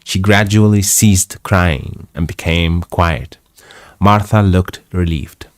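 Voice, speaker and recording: A man's voice: deep voice, no echo, studio quality. A man whose first language is Arabic, reading a classic novel aloud live and stopping to comment on its wording. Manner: slow, reflective, chuckles at the text. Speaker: English reading host.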